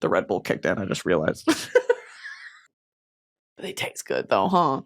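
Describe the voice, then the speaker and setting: A woman hosting a casual chat show, talking in an animated, profane way and laughing often. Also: rumbling low, unhurried. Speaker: podcast host.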